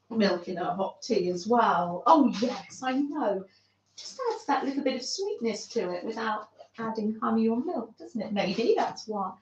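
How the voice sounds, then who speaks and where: A woman hosting a craft channel, chatting gently and fondly with viewers on a livestream. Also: a little high, lively intonation, a little slow, echoey room, dull audio. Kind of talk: casual livestream chat with viewers.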